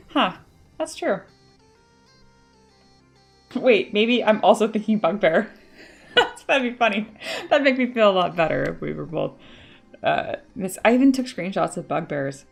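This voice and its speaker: A woman's voice: medium pitch, lively intonation, unhurried, gravelly, pauses often, soft background music. A woman chatting casually on a live stream while she sculpts, laughing often and reading viewer comments aloud. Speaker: 3D sculptor streaming her work.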